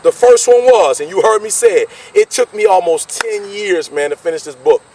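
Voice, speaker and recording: High-pitched fired-up motivational speaker man. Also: moderate pace, recorded from a distance. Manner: energetic, preachy, repetitive call-and-response. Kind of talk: motivational speech.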